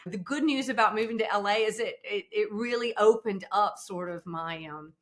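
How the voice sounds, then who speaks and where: A woman's voice: mid-range voice, moderate pace. A woman in her fifties from South Carolina with a Southern American accent, a podcast guest chatting casually and telling stories with lots of laughter. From South Carolina, USA. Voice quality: animated storyteller, laughs often, playful voices in quotes. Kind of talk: casual interview chat.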